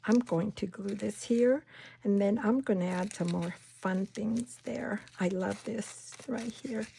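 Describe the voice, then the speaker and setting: A woman hosting a casual crafting tutorial at home, chatting and talking herself through each step, sometimes dropping to a soft whisper. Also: medium pitch, unhurried, vocal fry, a little hiss or hum. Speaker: craft channel host.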